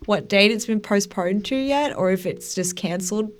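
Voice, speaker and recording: A woman's voice: mid-range voice, moderate pace. Giggly Australian woman co-host. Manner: giggly, jokey. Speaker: podcast co-host. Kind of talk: casual chat.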